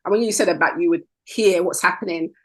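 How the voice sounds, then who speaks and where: A woman hosting a podcast, chatting in an affirming, animated way during an interview. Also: lowish voice. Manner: warm, affirming, quick and animated. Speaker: podcast host. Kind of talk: conversational interview.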